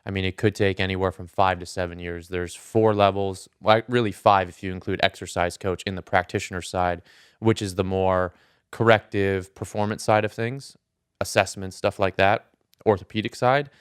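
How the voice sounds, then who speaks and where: Male podcast guest, earnest explainer, smooth low voice, dry close sound. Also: steady tone, normal speed, no echo. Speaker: podcast guest, strength coach. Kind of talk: casual podcast interview.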